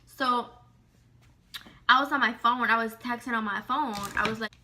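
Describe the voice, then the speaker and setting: Young woman vlogger, high bright voice, animated slangy storytelling. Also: moderate pace, slight background noise. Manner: animated, slangy, heavy on "like" and swearing. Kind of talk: casual storytime.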